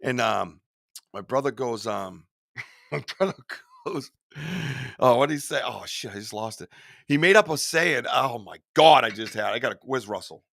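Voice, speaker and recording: Bright, dry-voiced man swearing and laughing. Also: mid-range voice, animated, moderate pace, creaky, dry recording. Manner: loud, laughs a lot, swears freely. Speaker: podcast host. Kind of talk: casual podcast banter.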